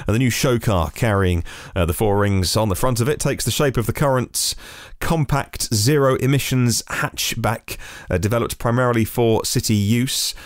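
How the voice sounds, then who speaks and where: A man's voice: medium pitch, moderate pace, no echo, clean studio sound. A man hosting a daily news podcast, reading stories and adding chatty casual asides. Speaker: podcast host.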